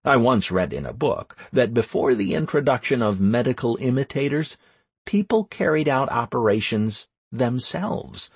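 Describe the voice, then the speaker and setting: A man narrating a first-person fantasy game audiobook in a measured, deliberate way. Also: medium pitch, animated, husky, no echo.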